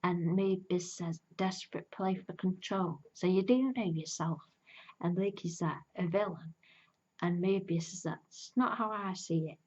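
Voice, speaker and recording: A woman's voice: on the low side, unhurried, a little mellow, breathy edge, highs cut off. A woman casually recapping a television episode, chatty and enthusiastic, acting out quoted lines between "um"s. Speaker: TV reviewer.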